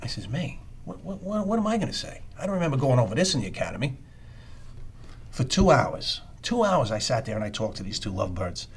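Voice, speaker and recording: An actor playing a world-weary police detective who tells rambling, sardonic street stories. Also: male voice, fairly low pitch, big pitch swings, quick pace, slightly rough, exaggerated voice. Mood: storytelling. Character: wisecracking world-weary male NYC cop. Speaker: police detective under evaluation. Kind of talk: film dialogue, storytelling monologue.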